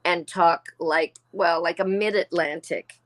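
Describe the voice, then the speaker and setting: A woman's voice: fairly low pitch, fairly even intonation, unhurried. A woman in her sixties, originally from Australia, talking as a guest actor in a casual interview and telling chatty stories full of quoted asides.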